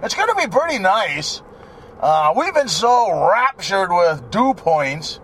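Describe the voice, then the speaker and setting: A man's voice: high voice, big pitch swings, slow pace, fairly bright tone, a little hiss or hum. A man rambling and joking while he drives his truck, swearing freely in a casual vlog. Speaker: vlogger. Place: inside a truck while driving.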